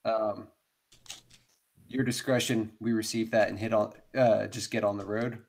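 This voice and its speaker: A man talking at the table as a player in a tabletop game, with a gravelly, creaky texture to his voice. He speaks hesitantly and halts to restart his sentences. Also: on the low side, flat delivery, measured pace.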